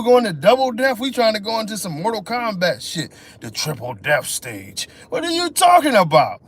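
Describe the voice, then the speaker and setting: A man hosting a live stream, ranting in a profane, mocking way. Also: high-pitched. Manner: profane, mocking, animated rant. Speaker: livestream host.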